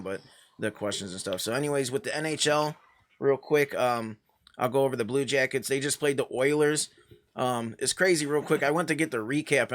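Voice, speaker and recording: A man's voice: medium pitch, a bit bright. A man on a casual chat show giving a laid-back, rambling run through sports scores, losing his place as he goes. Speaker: sports news presenter.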